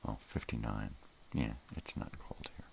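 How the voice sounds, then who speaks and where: A man's voice: very deep voice, normal speed, gravelly, a little mellow, in a whisper. An older man hosting a casual morning livestream, rambling in a laid-back way and drifting off into mumbles. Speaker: host.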